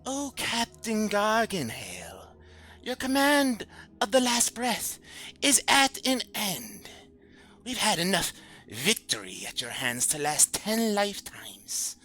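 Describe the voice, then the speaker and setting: Sarcastic whispering ghost-possessed sailor, whispered role-play. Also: male voice, sits high, wildly swooping pitch, takes it slowly, bright, forceful tone, voice pushed up, heavily acted. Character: ghost-possessed ape-like sailor, sneering spirit.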